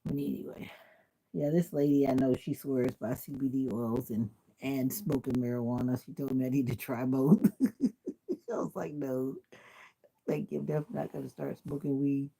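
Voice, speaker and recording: A woman's voice: extremely low pitch, level tone, normal speed, gravelly, warm tone, low-quality recording. A woman from Jamaica chatting casually on a livestream, answering viewers' comments and laughing often. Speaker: livestream host. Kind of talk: casual live-stream chat.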